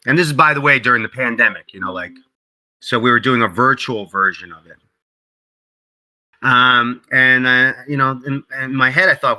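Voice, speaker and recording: A man being interviewed as a guest, telling a casual story in an animated way, acting out quoted dialogue, with many fillers and restarts. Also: medium pitch, moderate pace, poor audio. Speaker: interview guest, game company co-founder.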